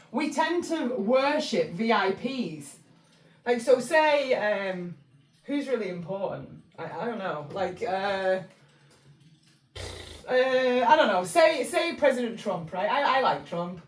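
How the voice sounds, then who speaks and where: A woman's voice: a little high, expressive, unhurried, far from the mic. Rambling Englishwoman in an echoey room. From England. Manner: rambling, chatty, many fillers and restarts. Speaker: channel host. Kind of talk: casual spiritual talk. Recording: echoey room, voice somewhat off-mic.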